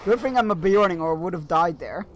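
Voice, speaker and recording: Chatty high-voiced man streaming a game. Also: animated, a little fast, slight background noise. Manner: rambling and chatty, with many fillers. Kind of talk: casual chat while gaming.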